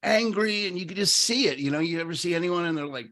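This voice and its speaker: Animated man in casual podcast chat. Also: high-pitched, quick pace. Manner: animated, lots of fillers and restarts, acts out quoted voices. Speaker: podcast co-host. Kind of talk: casual conversation with storytelling.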